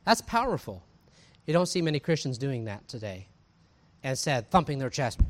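A man, preaching a sermon in a conversational, animated way, full of asides and rhetorical questions. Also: medium pitch, normal speed. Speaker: pastor.

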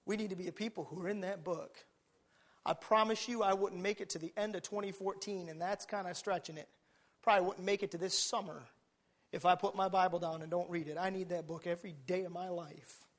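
A man preaching a sermon as pastor, fiery, swinging from quiet talk to shouting. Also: high voice, fairly even intonation, brisk.

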